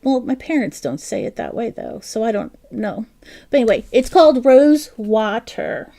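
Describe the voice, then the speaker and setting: A woman's voice: on the high side, big pitch swings, fairly quick, vocal fry, dark tone. A woman with a South Jersey accent hosting a crochet livestream, chatty and self-deprecating, laughing often and talking to her viewers by name. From New Jersey. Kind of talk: casual live-stream chat.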